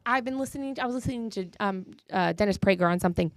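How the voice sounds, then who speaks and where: A woman's voice: medium pitch, racing, dry recording. A woman in her thirties from Florida, co-hosting a casual podcast and acting out both sides of an argument as she retells it. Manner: animated storyteller, acts out both sides of a quarrel. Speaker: podcast co-host. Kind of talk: casual political chat.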